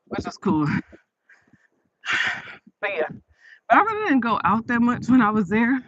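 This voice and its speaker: A woman talks casually into her phone while walking outside late at night, her speech loose, rambling and often broken by laughter. The audio is dull and lo-fi, with the softened, muffled top end of a phone recording. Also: fairly high pitch, huge pitch swings, normal speed, pauses often, slightly rough. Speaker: vlogger. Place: outdoors on a late-night walk.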